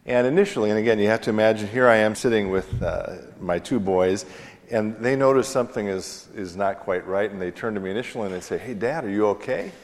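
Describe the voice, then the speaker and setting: A man in his forties preaching a sermon as pastor, telling a personal story in a relaxed conversational way with fillers and gentle self-deprecating humor. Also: on the low side, fast. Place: church sanctuary. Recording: long hall reverb in church.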